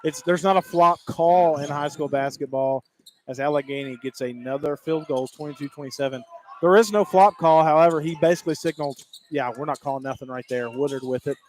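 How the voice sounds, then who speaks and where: A man calling high school basketball play-by-play, rapid and excitable, climbing higher on big plays. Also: slight background noise. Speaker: play-by-play announcer.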